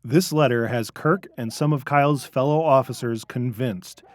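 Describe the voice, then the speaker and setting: A man narrating a scripted training video in a measured, instructive way. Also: mid-range voice.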